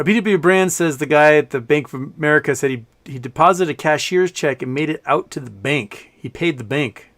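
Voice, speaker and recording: A man's voice: mid-range voice, a bit bright. A middle-aged man hosting a casual live stream from home, rambling and reading chat aloud with frequent laughs. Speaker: livestream host.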